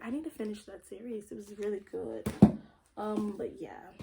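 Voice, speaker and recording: A woman's voice: medium pitch, gravelly, a little hiss or hum, rough recording. A young woman vlogger chatting casually and bluntly about her books, with the odd swear word. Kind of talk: casual book haul vlog.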